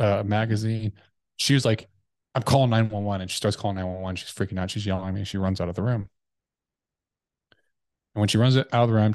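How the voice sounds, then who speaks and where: Low-voiced man telling his story. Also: a little mellow, no echo, studio quality. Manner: earnest, halting, with frequent restarts and fillers. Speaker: podcast guest. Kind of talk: candid personal storytelling.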